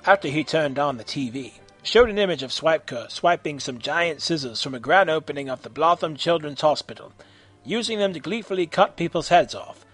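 Brief: male storyteller, husky, high, lively delivery. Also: fairly quick, soft background music. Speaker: narrator. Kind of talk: amateur audio story narration.

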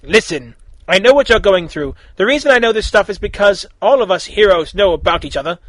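Brief: upbeat chatty young girl hero, high and bright, read by a man. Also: expressive, brisk, no room sound, rough recording. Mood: eager. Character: eager friendly young girl with fire powers. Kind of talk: fan fiction reading.

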